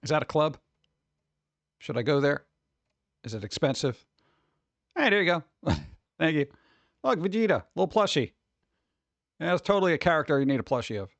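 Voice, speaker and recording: A man's voice: fairly high pitch, sing-song, normal speed, creaky, pauses often, no room sound. A man streaming live, chatting casually and reading news aloud with offhand jokes in a rambling way.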